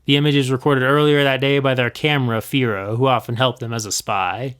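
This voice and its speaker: A man's voice: mid-range voice, steady tone, brisk, a bit bright, clean tone. A man reading his own old fanfiction aloud, expressively, acting out the voices.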